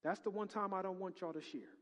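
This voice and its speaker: A middle-aged male pastor preaching a sermon, swinging from hushed, prayerful murmurs to loud, excited exclamations. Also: sits high, fast talker, long reverb tail.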